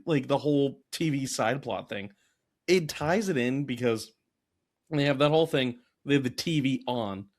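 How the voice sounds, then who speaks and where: Man, podcast co-host, casual movie chat, animated, rambling, middle pitch. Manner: animated, rambling, quick bursts of acted quotes.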